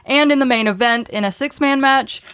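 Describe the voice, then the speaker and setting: A woman's voice: high voice, fairly quick, a bit bright, clear, resonant tone, no echo, clean studio sound. A woman hosting a podcast, running through match results in a casual way and laughing often. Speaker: podcast host.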